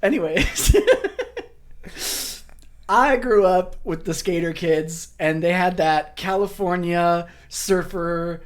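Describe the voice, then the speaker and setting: A man's voice: sits high, expressive, slow. A young man co-hosting a podcast, rambling and self-mocking in casual banter and often breaking into laughter. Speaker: podcast co-host.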